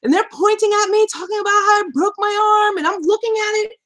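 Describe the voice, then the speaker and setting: A woman hosting a live stream, telling a personal story with lots of laughter and animated acted-out quotes, then slowing down and softening for serious points. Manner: animated, laughs often, acts out quotes with big pitch jumps. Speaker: survivor advocate and live stream host.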